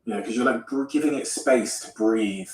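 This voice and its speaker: A man's voice: medium pitch, normal speed, echoey room, recorded from a distance, low-quality recording. A man hosting a podcast conversation, talking casually and asking probing questions. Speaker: podcast host.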